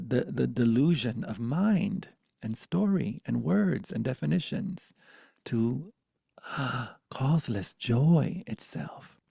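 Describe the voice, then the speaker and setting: A man leads a satsang talk as a spiritual teacher, telling stories and slipping into near-whispers. His voice is gravelly and somewhat husky, and it sounds close and dry. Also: mid-range voice, no echo. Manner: intimate storytelling, often dropping to a hushed whisper.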